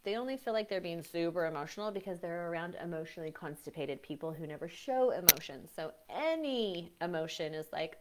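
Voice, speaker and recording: A woman with a slightly low voice talks through a live teaching session as a breathwork coach. She is chatty and animated, often slipping into voices to act out what other people say. Her talk wanders, with fillers and restarts. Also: a little fast, hardly any pauses, noisy background.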